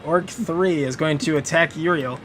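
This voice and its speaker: A man's voice: a little high, moderate pace, a bit bright, soft background music. A man narrating combat as game master on an online voice call, loose and playful with fillers.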